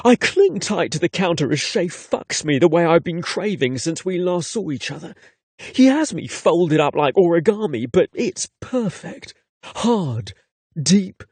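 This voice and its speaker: A man narrating a romance audiobook in first person, with an expressive, breathy delivery. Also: a little high, unhurried, no echo.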